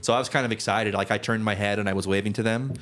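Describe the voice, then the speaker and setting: Low-voiced young man telling stories. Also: steady tone, rapid-fire, a bit bright. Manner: rambling, many restarts and "like" fillers. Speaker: podcast co-host. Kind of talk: casual chat, storytelling.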